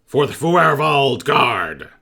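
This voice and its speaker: A man's voice: medium pitch, big pitch swings, takes it slowly, vocal fry, bright, forceful tone, soft background music, voice pushed up, heavily acted. A man voicing a pompous, self-important male goblin guard captain who bellows proclamations. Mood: proud.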